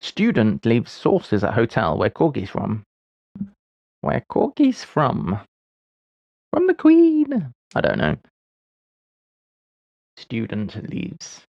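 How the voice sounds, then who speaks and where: A man's voice: fairly low pitch, wildly swooping pitch, slow, creaky, long pauses, darkish tone, dry recording, muffled recording. A man in his forties streaming live, musing aloud as he solves puzzles, with wry, self-deprecating asides. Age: 40s. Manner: muses aloud while solving puzzles. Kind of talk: casual livestream chat.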